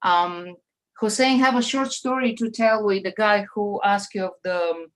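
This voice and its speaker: A woman host leads a casual conversation in a mid-range voice. She speaks haltingly, with pauses and fillers as she looks for the right words. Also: medium pitch. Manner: hesitant, searching for words. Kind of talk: casual chat.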